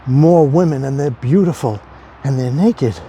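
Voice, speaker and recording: A man doing a gushing, excitable joke patient. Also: mid-range voice, measured pace, a little hiss or hum, close to an everyday voice. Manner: breathless, gushing, rising excitement.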